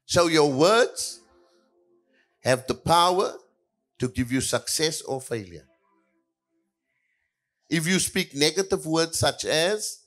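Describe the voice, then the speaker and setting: A male pastor preaching a sermon, moving between quiet passages and louder lines, with repeated hallelujahs. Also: on the high side, lively intonation, slow, long pauses, faint music behind.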